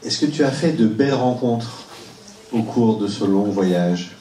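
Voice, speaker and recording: Male interviewer, mellow, deliberate, off-mic, echoey space. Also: fairly low pitch, slight background noise. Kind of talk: interview question. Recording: roomy and distant.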